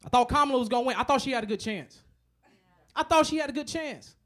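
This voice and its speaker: High-pitched guy doing stand-up, swearing a lot, puts on other people's voices. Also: fast talker, slight background noise. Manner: profane, animated, acts out voices of others. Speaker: stand-up comedian. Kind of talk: stand-up comedy set.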